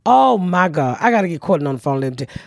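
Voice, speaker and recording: A woman comedian hosting a podcast, telling a story in casual chat, profane and animated, with loud outbursts. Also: on the low side, fast, gravelly, no echo, clean studio sound.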